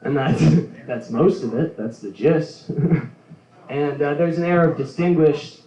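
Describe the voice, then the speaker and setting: A man's voice: fairly high pitch, dark tone. A man doing a loose stand-up set, rambling with lots of fillers and giggling at his own jokes. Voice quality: halting, filler-heavy delivery with frequent giggles. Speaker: stand-up comedian. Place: comedy club stage. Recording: roomy, dull live recording.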